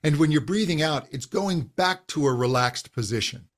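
Speaking at a moderate pace, a middle-aged man whose voice sits slightly high for a male works as a vocal coach answering interview questions. He calmly walks the guest through the anatomy and technique basics, teacher-style, using vocal demonstrations to illustrate.

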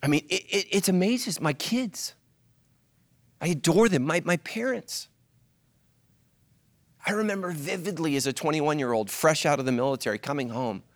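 A middle-aged male pastor preaching a sermon, swinging from loud, high-pitched joking to a hushed, earnest tone. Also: normal speed, long pauses. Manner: animated, jokes in a loud, high voice, then drops to a hushed, earnest tone.

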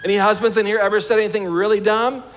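Man, high-pitched voice, pastor preaching, conversational with humor, soft emphatic drops. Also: fairly even intonation, fast talker. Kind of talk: sermon.

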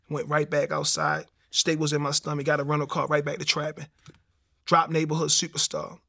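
A young man, telling his personal testimony in a streetwise, animated way with slang. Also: on the high side, gravelly. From Baltimore. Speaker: testimony speaker.

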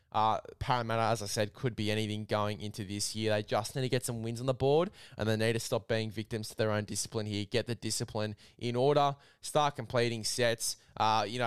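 Aussie guy podcast host, smooth clear voice, dry close mic, matey and loose. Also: mid-range voice, dry recording. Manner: matey, swears casually, hypes sponsor read. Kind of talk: casual rugby league podcast chat.

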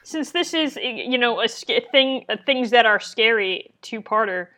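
A woman's voice: on the high side, lively intonation, normal speed, bright, forceful tone. A woman co-hosting a podcast, sharing eager opinions in casual chat. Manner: chatty, enthusiastic opinions. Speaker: podcast co-host.

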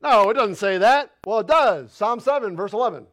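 In a church sanctuary, a male pastor preaches a passionate sermon in a high, animated voice at a moderate pace. He poses rhetorical questions in casual, folksy language and builds to loud, emphatic declarations.

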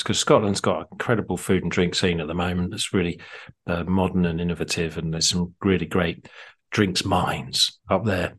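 Male podcast co-host, lowish voice, loose and keen, filler-heavy chat. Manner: chatty, enthusiastic, lots of fillers. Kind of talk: casual drinks podcast chat.

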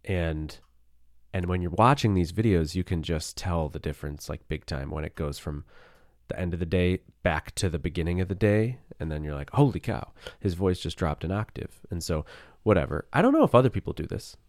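Low, groggy morning-voiced man. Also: lively intonation, brisk, a little mellow, dry recording, studio quality. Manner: rambling, self-deprecating, thinking aloud. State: has a cold. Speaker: podcast host. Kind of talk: casual solo podcast musing.

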